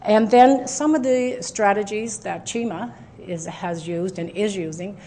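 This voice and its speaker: A woman's voice: medium pitch, unhurried, dark tone, a little hiss or hum. Woman presenting with many um's. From Canada. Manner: hesitant, many fillers and restarts. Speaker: conference speaker. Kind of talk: presentation talk. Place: presentation room with a live audience.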